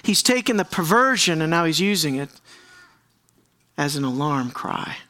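A man preaching an expository sermon as pastor, conversational, asking the congregation questions and slowing down to stress words. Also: on the high side, sing-song, pushed and bright, no echo. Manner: conversational, asks the congregation questions, slows for emphasis.

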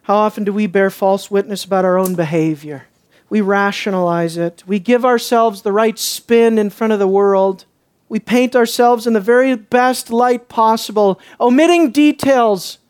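His voice sits high with a clean tone and moderate pace as this man preaches an expository sermon. Rhetorical questions fill it, his delivery veers between hushed and emphatic, and he goes sarcastic when imitating others.

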